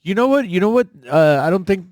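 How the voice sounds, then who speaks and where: A young man co-hosting a casual podcast, relaxed and rambling. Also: high voice, a little fast, no room sound, studio quality. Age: young adult. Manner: relaxed, rambling, laughs often. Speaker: podcast co-host. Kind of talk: casual chat.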